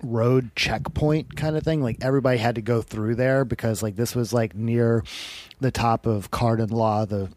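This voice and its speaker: A man's voice: medium pitch, steady tone, moderate pace, a little mellow, no room sound. A man telling a long story in casual chat, rambling and peppered with "like" and swearing. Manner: rambling, heavy use of "like", swearing.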